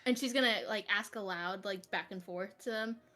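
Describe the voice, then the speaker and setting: A woman's voice: mid-range voice, moderate pace, sharp tone. A woman playing a tabletop game, casually describing what her character does. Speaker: player.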